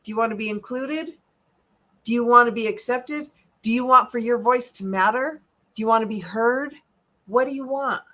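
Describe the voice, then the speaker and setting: A woman holistic health coach giving an animated, emphatic motivational talk, swinging between loud and soft. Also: on the high side, moderate pace.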